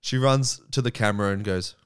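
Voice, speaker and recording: A man co-hosting a casual podcast, recapping a TV episode with wry, deadpan asides. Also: fairly quick, clean tone. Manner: wry, deadpan asides, drops lower for quoted lines. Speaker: podcast co-host.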